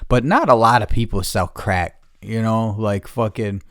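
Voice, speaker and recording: A man's voice: fairly low pitch, unhurried, no room sound, clean studio sound. A man rambling through a profane, loose, chuckling story as a podcast host.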